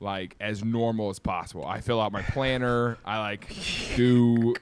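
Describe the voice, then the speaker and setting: A young man, a comedian guest on a video call, telling stories in a casual, animated way and often laughing. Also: fairly low pitch, a little slow, clean tone, no room sound. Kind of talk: casual storytelling chat.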